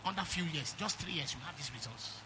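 A middle-aged Nigerian-accented pastor preaches a sermon in a slightly high, expressive voice at a fairly quick pace, with background noise. He is emphatic and calls out to the congregation for amens in a call-and-response style.

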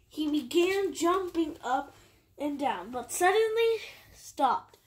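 A woman reading a picture book aloud for children, with a high voice and an unhurried pace. The delivery is gentle and measured. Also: big pitch swings. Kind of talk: storybook read-aloud.

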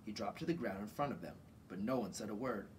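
A man reading a children's book aloud in an informal, relaxed way, from his home garage workshop. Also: on the low side, fast, far from the mic, a little hiss or hum, poor audio. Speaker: children's story reader.

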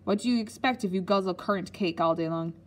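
A woman doing a booming, bossy school matron. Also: fast talker, close to an everyday voice. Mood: stern. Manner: loud, barking orders.

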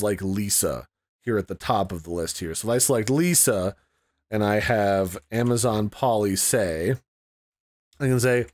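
A man's voice: medium pitch, a little mellow. A man hosting a casual tutorial, explaining in a rambling, conversational way and thinking aloud as he goes. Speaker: tutorial host. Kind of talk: casual screen-recorded tutorial.

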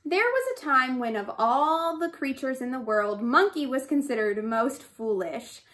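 Slow expressive woman storyteller. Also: sits high. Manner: expressive, with sound effects. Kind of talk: reading a folk tale aloud.

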